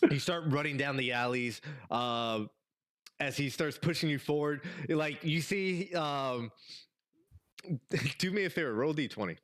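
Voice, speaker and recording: A man's voice: fairly high pitch, measured pace, fairly bright tone. A man running a tabletop game as game master, telling the scene in a rambling, profane way and laughing often. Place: home streaming setup.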